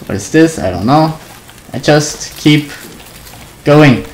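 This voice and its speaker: Slow, jittery horror gamer talking to self. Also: medium pitch, a little hiss or hum, rough recording. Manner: nervous, talks to self, hums la-la to calm down. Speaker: gaming video creator. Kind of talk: horror game let's play commentary.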